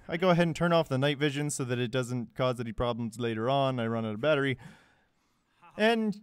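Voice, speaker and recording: A man's voice: mid-range voice, expressive, fairly quick, smooth, no echo, studio quality. A young man narrating a game walkthrough in a casual, joking way, with sarcastic asides. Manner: joking, sarcastic asides with goofy put-on quotes.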